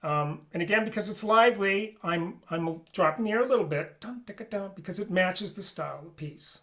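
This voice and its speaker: A man's voice: sits high, a little fast, a bit bright. A man teaching an online flute lesson, explaining articulation and singing rhythms on syllables.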